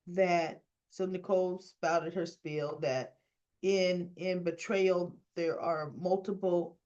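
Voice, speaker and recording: Slow, rambling woman recapping a soap. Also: low-pitched, darkish tone. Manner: rambling, self-correcting, many fillers. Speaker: soap opera recap vlogger. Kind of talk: casual spoken episode recap. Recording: dull lo-fi sound.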